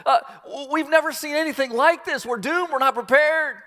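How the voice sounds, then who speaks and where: A man's voice: extremely high pitch, normal speed, pushed and bright, voice pushed up. A man playing a panicked young servant. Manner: frantic, cries out in alarm. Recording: long hall reverb.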